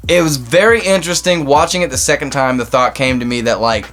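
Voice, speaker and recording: A man co-hosting a podcast in a studio, playful and animated, swearing often. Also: medium pitch, fast talker, soft background music. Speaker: podcast co-host. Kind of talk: casual chat.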